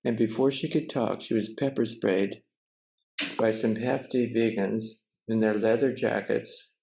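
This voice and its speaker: An older man with a gravelly, mellow, low voice tells a story. He talks haltingly, with pauses and restarts, heard through a video call mic. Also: steady tone, low-quality recording. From United States. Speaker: Zen teacher and cook. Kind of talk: casual storytelling.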